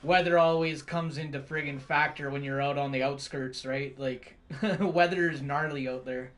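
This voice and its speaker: A man with a high voice chats on a stream. He rambles and swears nonstop. His laughs keep breaking into his stories. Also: fairly even intonation, moderate pace, a bit bright. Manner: profane, rambling, laughs often. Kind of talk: casual chat.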